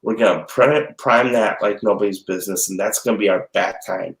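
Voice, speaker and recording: A middle-aged man's low, creaky voice comes through brisk and echoey on a low-quality recording. Chatting casually from his home kitchen, this chef and dad guest rambles, jokes, and tells animated stories.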